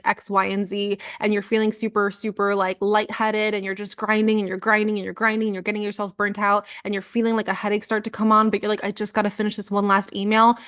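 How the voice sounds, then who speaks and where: A woman's voice: mid-range voice, a bit bright, clean tone. Give me a young woman coaching live, earnest and chatty with lots of fillers. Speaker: energy healing coach. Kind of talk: live coaching session talk.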